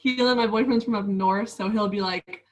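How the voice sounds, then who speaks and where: A woman's voice: medium pitch, fairly even intonation, normal speed, recorded from a distance, slight background noise, rough recording. A woman in her twenties, a professional basketball player, chatting casually as an interview guest with many fillers and frequent laughs.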